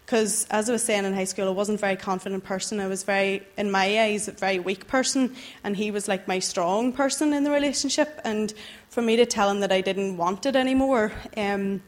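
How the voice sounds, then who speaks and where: Earnest young woman. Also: medium pitch. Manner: earnest, halting, emotional storytelling. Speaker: church member giving testimony. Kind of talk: personal testimony to a congregation.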